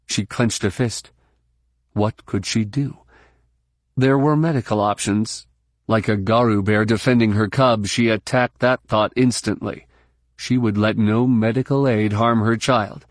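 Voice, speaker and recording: A man narrating a novel in a low, unhurried voice, measured and even. The recording is close and dry, with no room sound. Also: no echo. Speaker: audiobook narrator. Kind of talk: scripted narration.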